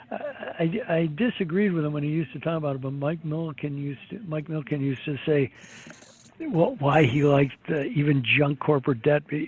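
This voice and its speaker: A man's voice: on the high side, breathy edge. A man giving rambling, opinionated market commentary, full of fillers and restarts. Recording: tinny phone-like line.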